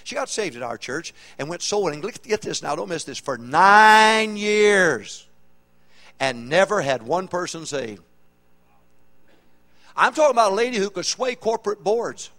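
A middle-aged man preaches to his congregation in an energetic, humorous style. His voice sits high and swings widely in pitch. He keeps throwing questions back to the pews. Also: moderate pace. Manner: animated, humorous, call-and-response preaching. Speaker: pastor. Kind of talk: sermon. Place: church auditorium.

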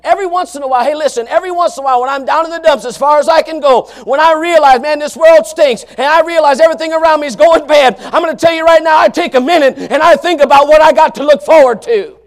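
A preacher with a strikingly high voice delivers a fiery sermon. He moves between quiet, low asides and loud shouted passages. His delivery is folksy and emphatic. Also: fast talker, hardly any pauses. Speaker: pastor.

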